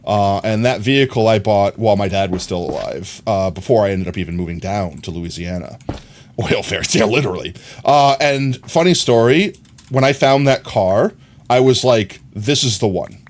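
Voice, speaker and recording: A man's voice: on the low side, animated, moderate pace, slight background noise. A man streaming a game, chatting casually and telling a long rambling story with many fillers. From New York. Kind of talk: casual chat while gaming.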